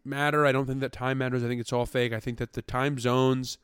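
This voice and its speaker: A man co-hosting a podcast in casual chat, rambling playfully and trailing off quietly when unsure. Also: mid-range voice, level tone, brisk, smooth, no room sound, studio quality. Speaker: podcast co-host.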